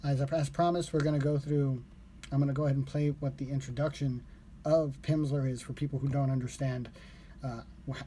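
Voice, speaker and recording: A man's voice: medium pitch, warm tone, slight background noise. A man casually talking a viewer through what he learned, rambling and correcting himself as he goes. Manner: rambling, with fillers and self-corrections. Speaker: language learner vlogger. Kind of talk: casual explanation to camera.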